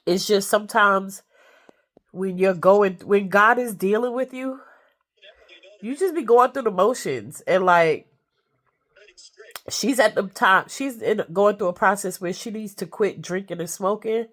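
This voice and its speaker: A woman's voice: medium pitch, unhurried, fairly bright tone. An older woman with a cold, chatting casually to her viewers from her bed at home in a folksy way. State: stuffy with a cold. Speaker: vlogger.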